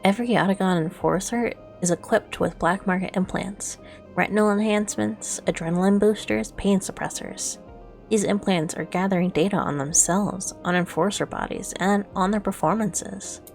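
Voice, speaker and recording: A woman voicing a nervous gang doctor speaking hushed over a call. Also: mid-range voice, moderate pace, gravelly, faint music behind, close to an everyday voice. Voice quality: hushed, quiet.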